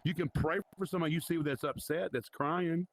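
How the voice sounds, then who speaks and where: A man's voice: a little high, steady tone, brisk. A man leading an informal Bible study in a virtual reality church, talking conversationally and challenging his listeners.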